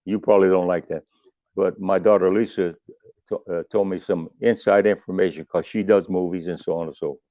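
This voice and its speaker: A man's voice: deep voice, fairly even intonation, a little fast, no echo. An older man, a musician guest on a podcast, telling long rambling stories with salty asides and restarts. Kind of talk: casual storytelling. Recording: tinny phone line, dry.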